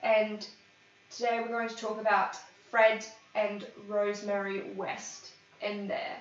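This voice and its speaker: A woman's voice: mid-range voice, little pitch movement, takes it slowly. A woman hosting a casual true-crime podcast, chatty and often stumbling over names. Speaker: podcast host. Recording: echoey room, far from mic, dull lo-fi sound.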